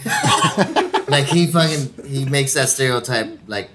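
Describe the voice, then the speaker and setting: A man's voice: mid-range voice, animated, heavy background noise. A man hosting a casual chat who jokes, swears freely and laughs often. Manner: swearing, joking, quick to laugh.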